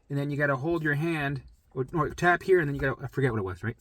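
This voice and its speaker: A man's voice: a little high, fast, fairly bright tone. A man talking casually to camera, rambling and repeating himself as he explains something.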